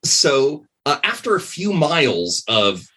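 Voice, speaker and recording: A man tells a story as a podcast guest, rambling casually and leaning on fillers. His pitch moves around a great deal, and his voice sounds bright. It also has a noticeably husky edge. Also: slow. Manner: rambling, animated, many fillers. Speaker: podcast guest, game designer.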